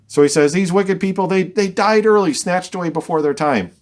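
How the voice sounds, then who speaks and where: Bible study guy reading verses then explaining them, kinda wry, higher-pitched voice. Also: a little fast, hardly any pauses. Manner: reads scripture then explains it conversationally, with dry wry asides. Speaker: Bible teacher.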